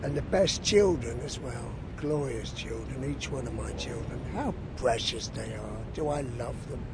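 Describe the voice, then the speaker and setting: A man's voice: mid-range voice, moderate pace, heavy background noise. A man, a peace campaigner, giving angry, profane interview answers and asking many rhetorical questions.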